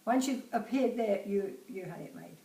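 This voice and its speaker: An elderly woman with a broad Cockney accent chats warmly and laughs easily as she reminisces. Her voice sits at an ordinary pitch for her age. She sounds set back from the mic in a roomy space, with a faint hum of ambience behind her. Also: normal speed, vocal fry, far from the mic. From Bermondsey, London. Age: about 80. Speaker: interviewee, host's mother. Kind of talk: casual chat.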